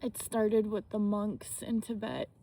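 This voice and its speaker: A woman speaking outdoors in a slow, halting, emotional personal reflection, with restarts and whispered asides. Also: mid-range voice, expressive, mellow, slight background noise. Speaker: spiritual vlogger.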